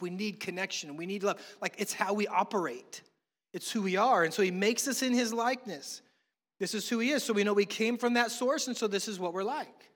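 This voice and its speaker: A middle-aged man with a notably high voice preaches a sermon in an easygoing, conversational way, mixing teaching with funny family stories. His voice rings out with a long reverb, as in a large hall. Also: a bit bright. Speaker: pastor.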